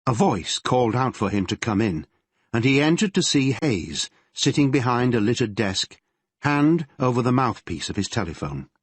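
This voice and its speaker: A male narrator reading a crime novel in a measured storytelling manner. His voice is husky and animated in pitch. The recording is dry and close. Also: no room sound. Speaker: audiobook narrator. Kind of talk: scripted narration.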